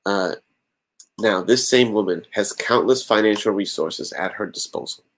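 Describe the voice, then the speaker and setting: A man's voice: fairly low pitch, normal speed, a bit bright. A man hosting a podcast, reading a fan-written story aloud and breaking off for joking comments. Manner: adds joking asides to the story. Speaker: podcast host.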